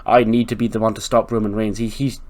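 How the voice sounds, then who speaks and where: A man's voice: fairly low pitch, flat delivery, fast talker, a little mellow, close to an everyday voice. A man playing a smug, cocky male wrestling star who boasts and lectures, in a casual let's-play commentary. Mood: determined.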